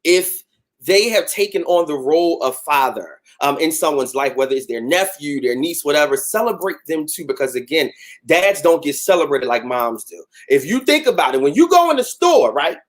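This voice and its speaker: A man's voice: on the high side, normal speed. A man hosting a casual livestream chat, reading viewer comments and talking to them with slang. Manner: animated, talks to viewers with slang. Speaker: host.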